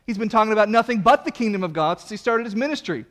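A man preaching a sermon to a congregation, animated and conversational, acting out the people he quotes. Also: sits high, very fast. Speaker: pastor.

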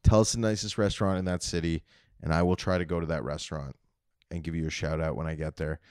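A man's voice: very deep voice, steady tone, quick pace, a little mellow, clean tone, dry recording, studio quality. A young man from Canada hosting a comedy podcast, talking in a blunt, profane, joking way. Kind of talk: casual podcast chat.

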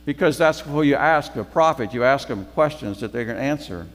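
A man's voice: medium pitch, expressive, brisk, long reverb tail. A man giving a sermon as guest preacher, conversational, repeating phrases for emphasis.

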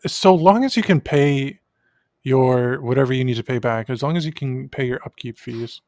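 A man co-hosting a casual podcast who talks bluntly and swears freely. He hands out offhand advice in a middle-pitched voice, recorded dry and close. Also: normal speed, darkish tone, no room sound. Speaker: podcast co-host.

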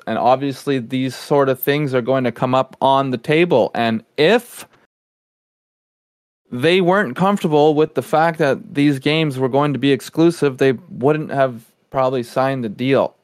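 Man, podcast co-host, smooth clear voice, dry close sound, emphatic. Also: mid-range voice, dry recording. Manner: firm, emphatic opinions. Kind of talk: casual podcast chat.

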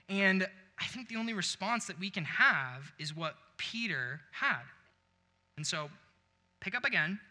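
A man's voice: high voice, bright, forceful tone. A young man preaching a sermon as a pastor, telling a story and acting out both sides of the conversation. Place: church sanctuary. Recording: long reverb of a large hall.

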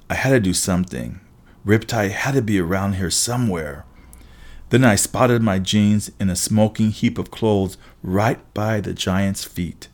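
A man reading a first-person adventure story aloud as an audiobook narrator, brisk, with occasional restarts. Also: fairly low pitch.

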